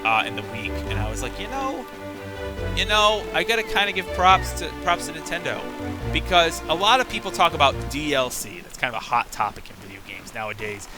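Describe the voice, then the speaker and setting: A man's voice: a little high, big pitch swings, a little fast, over music. A young man streaming a game, casually talking through his play with chatty, muttered asides. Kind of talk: casual live gameplay commentary.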